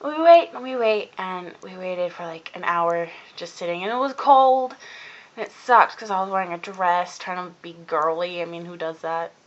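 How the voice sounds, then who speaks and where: A teenage girl telling a long casual vlog story about her day, rambling and acting out what people said in animated voices. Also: lowish voice, moderate pace, lo-fi sound. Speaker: vlogger. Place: indoors at home, cold room.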